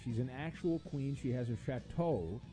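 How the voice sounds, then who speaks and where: A man's voice: medium pitch, moderate pace, warm tone, soft background music. A man hosting a sports radio show, reading out listener messages with sarcastic, rambling jokes. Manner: sarcastic, jokey, rambling asides.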